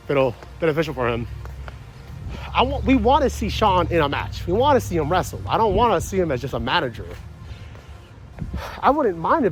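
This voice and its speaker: Dude ranting about a wrestling show, swears a lot, kinda high voice, bit of music under it. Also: male voice, poor audio. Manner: rambling, profane, frank opinions. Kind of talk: casual reaction review.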